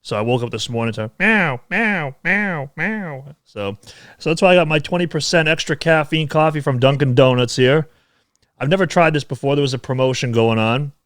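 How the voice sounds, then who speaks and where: A man's voice: medium pitch, fairly quick, no echo, studio quality. A man hosting a casual podcast chat, rambling and jokey, tired from an early start. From United States. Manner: rambling, jokey, many fillers. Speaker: podcast host. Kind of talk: casual chat over a video call.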